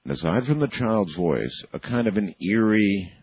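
A male radio host with a very low, husky voice and a lively, swinging delivery. He is chatty and laughs easily. The sound is dry and a little dull. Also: normal speed, dry recording. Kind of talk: casual radio interview.

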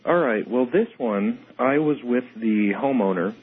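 A man's voice: mid-range voice, unhurried, husky. A man calling in as an investigator guest, explaining matter-of-factly. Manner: matter-of-fact, explains step by step. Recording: tinny phone line.

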